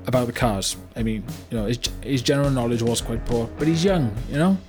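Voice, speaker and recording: In a mock-documentary comedy monologue, an actor plays a blunt, remorseful older British car yard owner telling a story. His mid-range male voice is brisk and close to everyday speech, rambling with "you know" and "right?" in a rueful mood over music.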